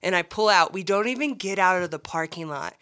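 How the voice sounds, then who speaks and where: A woman's voice: lowish voice, animated, a little fast, fairly bright tone, smooth. A woman in casual chat, co-hosting and telling a story in a dry, teasing way. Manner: dry, teasing, laughs often.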